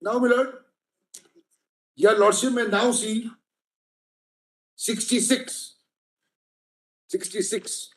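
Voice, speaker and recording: Pitched high with lively intonation, a man speaks at a moderate pace and pauses often as he argues before the bench. His Indian English accent comes through in the echoey courtroom, and he insistently addresses the judges as "my lord."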